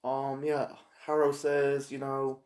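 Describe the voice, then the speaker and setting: A man casually reviewing a TV episode, rambling and halting with lots of fillers and restarts. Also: medium pitch, completely flat delivery, a little mellow. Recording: echoey room.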